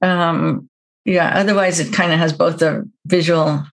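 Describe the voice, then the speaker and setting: A woman talking as a guest on a podcast in a reflective, gentle way, often laughing softly. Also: on the low side, steady tone, unhurried, vocal fry. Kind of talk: casual podcast conversation.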